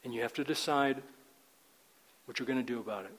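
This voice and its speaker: A man's voice: mid-range voice, a little fast, fairly bright tone, long reverb tail, poor audio. An older man teaching a men's group in a sermon style, earnest and emphatic, often repeating words.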